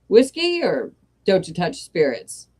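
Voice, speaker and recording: A woman's voice: lowish voice, wildly swooping pitch, a little slow, darkish tone, slightly rough, heavily acted. A woman voicing a pompous, showy old male miser who talks in a posh, blustering way.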